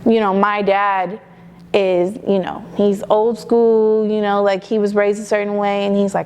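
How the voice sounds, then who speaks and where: A woman's voice: mid-range voice, level tone, unhurried, darkish tone, a little hiss or hum. A young adult woman, a mother, talking candidly in a casual interview, with many fillers. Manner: chatty and candid, many "you know" and "like" fillers.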